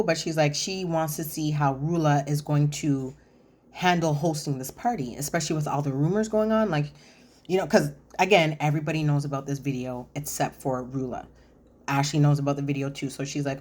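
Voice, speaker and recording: A woman's voice: sits low, moderate pace, darkish tone. A woman hosting a chatty, sassy recap of a reality TV episode, talking straight to her viewers. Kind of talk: casual episode recap commentary.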